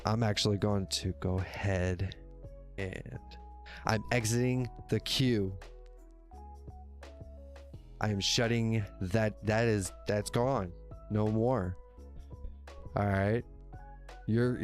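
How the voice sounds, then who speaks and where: This man's voice is lowish and steady, and he speaks slowly with frequent pauses as soft music plays behind him. Hosting a solo livestream on a desk mic, he chats casually with viewers, drifting, self-correcting, swearing plenty, and laughing often.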